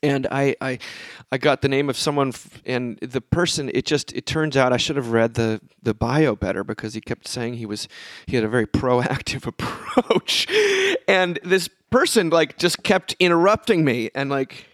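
A man's voice: mid-range voice, normal speed, fairly bright tone, no room sound, studio quality. Rambling male podcast storyteller. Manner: rambling storyteller, many restarts. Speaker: podcast co-host. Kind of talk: casual chat.

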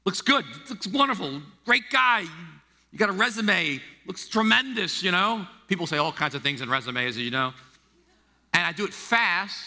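A middle-aged American man preaching a sermon, animated and acting out the voices he quotes. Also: on the high side. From United States. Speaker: pastor. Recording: long hall reverb.

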